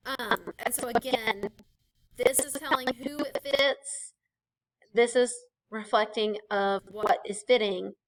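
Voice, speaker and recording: A woman's voice: a little high, poor audio. A woman teaching a casual recorded vocabulary lesson, chatty and explaining with asides and fillers. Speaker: Spanish teacher.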